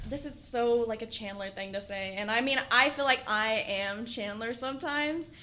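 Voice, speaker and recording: A young woman co-hosting a casual podcast, chatty and quick to laugh. Her voice sits a bit high. She fills her talk with loose, rambling asides. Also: pushed and bright. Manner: chatty, laughing, lots of fillers. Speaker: podcast co-host.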